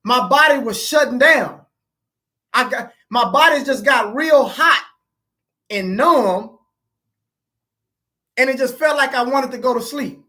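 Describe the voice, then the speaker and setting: A woman telling a live-stream audience how she grieved for her son. She speaks haltingly, repeats herself and addresses listeners as family. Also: sits high, sharp tone. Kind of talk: emotional live-stream testimony.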